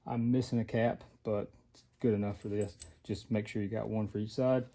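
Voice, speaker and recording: Mellow-voiced man narrating a workshop install. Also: fairly low pitch, fairly even intonation, normal speed, slight background noise. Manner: plain-spoken, talks while working. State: out of breath. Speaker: off-road parts maker showing an install. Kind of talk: casual how-to narration.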